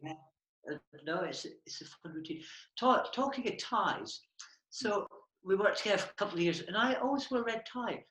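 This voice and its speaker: A man's voice: sits high, animated, normal speed, pushed and bright, echoey room, low-quality recording. A man casually reminiscing about a stage routine, playful and self-mocking. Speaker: former stage partner, performer.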